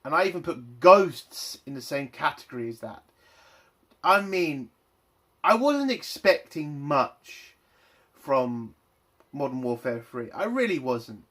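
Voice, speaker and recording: A man's voice: on the high side, sing-song, takes it slowly, a bit bright. A man and army veteran giving a heated, profane rant reviewing a game's campaign. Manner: angry, profane, exasperated. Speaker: game reviewer. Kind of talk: ranting game review.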